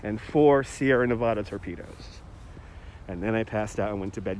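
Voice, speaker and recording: A man with a fairly low, darkish voice talks at a moderate pace while live streaming on a walk through a city park. He rambles casually and answers viewer comments, filming on a phone mounted on a handheld gimbal.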